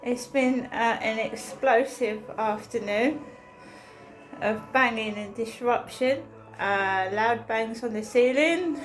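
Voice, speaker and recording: A woman's voice: a little high, slow, soft background music. A woman, chatting casually to her channel while out walking her dog. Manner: chatty, incredulous storytelling. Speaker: vlogger. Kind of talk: casual chat.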